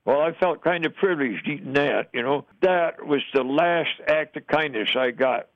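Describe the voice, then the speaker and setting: A man's voice: a little high, normal speed, dry recording. Folksy older man, chuckling storyteller. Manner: folksy, plain-spoken, chuckles through his story. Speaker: war veteran interviewee. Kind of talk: oral history storytelling. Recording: dull, dry lo-fi recording.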